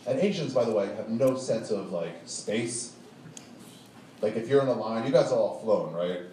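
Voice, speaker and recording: A man's voice: on the low side, animated, normal speed, mellow. A man telling a rambling, profane comic story on stage, laughing along as he goes. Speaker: stand-up storyteller. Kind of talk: live comedic storytelling. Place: live show venue with audience. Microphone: distant audience recording. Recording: echoey distant live room recording with noise.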